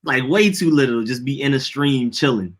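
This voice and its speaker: A man's voice: mid-range voice, moderate pace. A man co-hosting a podcast in casual chat, laughing often and repeating himself as he reacts. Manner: laughs often, animated and repetitive. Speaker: podcast co-host. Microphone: streaming podcast mic.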